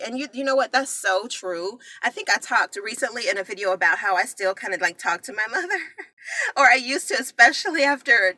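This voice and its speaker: A woman's voice: medium pitch, pushed and bright, no echo. A middle-aged woman talking emotionally and rambling to her viewers on a phone live stream. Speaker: natural hair vlogger.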